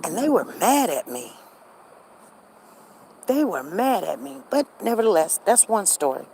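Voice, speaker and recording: A middle-aged woman hosting a live stream tells a neighborhood story, chatty and gossipy, with asides to viewers. Her medium-pitched voice is gravelly and darkish, swinging widely in pitch at a measured pace, with slight hiss or hum from the streaming device.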